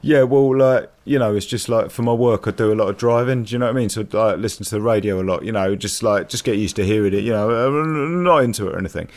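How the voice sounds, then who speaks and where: A man's voice: lowish voice, fast talker, hardly any pauses, a little mellow, voice pushed up, lightly acted. A man imitating a flustered, sheepish young geezer who stumbles over excuses.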